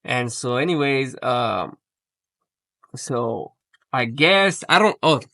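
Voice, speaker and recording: A man with a gravelly, creaky voice tells a loose, rambling story in casual chat, heavy on slang and swearing. He jumps into the voices of the people in it as he goes. The sound is dry and close, with no room in it. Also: medium pitch, animated, slow pace, sharp tone, no room sound. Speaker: podcast storyteller.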